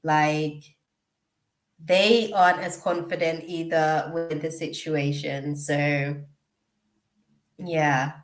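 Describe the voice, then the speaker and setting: A woman's voice: low-pitched, fairly even intonation, very slow, long pauses, echoey room. A woman giving a live tarot reading, chatty and emotional, often drifting off to read out names from the chat. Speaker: tarot reader.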